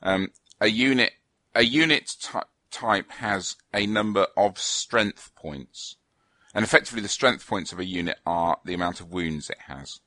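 A man's voice: low-pitched, normal speed, sharp tone, no room sound. A man co-hosting a podcast in casual chat, explaining things in a rambling, hesitant way with fillers and restarts. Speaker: podcast co-host. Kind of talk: casual chat about tabletop wargames.

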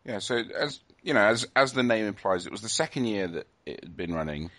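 A man's voice: lowish voice, animated, fairly quick, fairly bright tone. A man hosting a podcast in casual chat, playful and teasing, often laughing. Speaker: podcast host.

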